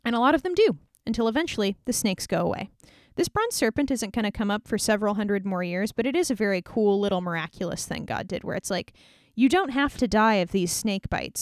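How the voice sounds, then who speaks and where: A woman's voice: medium pitch, expressive, fairly quick, no room sound, studio quality. A woman retelling Bible stories in a casual, playful way, with wry asides. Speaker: Bible teacher.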